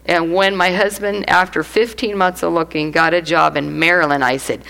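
A middle-aged woman giving a lively church testimony, laughing often and acting out the voices of people in her story. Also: on the low side, moderate pace, vocal fry, few pauses, slight background noise, low-quality recording. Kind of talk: testimony sermon.

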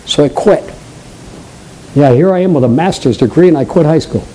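High-voiced preacher with a New England accent. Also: male voice, a little fast, pauses often, slight background noise, low-quality recording. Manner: emphatic preaching, swinging between loud high stresses and low quiet asides; draws the congregation in with direct questions. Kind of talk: sermon.

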